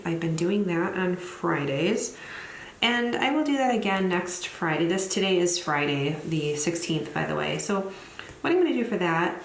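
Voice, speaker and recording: A woman with a slightly low voice chats her way through planning her week, thinking aloud and poking fun at her own habits. Her voice rings in a roomy space, with a faint hiss behind it. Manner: chatty, thinks aloud, self-deprecating asides. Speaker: planner vlogger; teacher. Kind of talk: casual plan-with-me narration while decorating.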